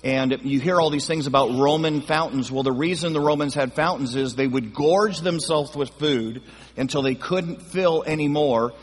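A man's voice: fairly high pitch, normal speed, breathy edge. A man, a pastor, teaching a midweek Bible study in a folksy, conversational way, often checking in with his congregation. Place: church auditorium. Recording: reverberant church hall.

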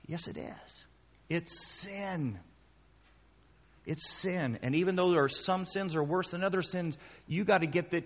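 A man's voice: fairly high pitch, expressive, moderate pace, pauses often, fairly bright tone. A male pastor preaching a sermon, chatty and storytelling, firing questions at the congregation and hammering points home by repeating them. His voice carries a long reverb from the hall. The sound is dull and lo-fi. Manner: conversational, quizzing the congregation with questions; storytelling with emphatic repetition.

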